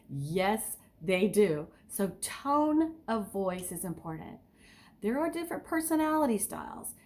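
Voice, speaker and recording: A woman's voice: medium pitch, measured pace. An enthusiastic woman giving an instructional talk as a speaking coach, asking her listeners direct questions. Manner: enthusiastic, sometimes overly excited.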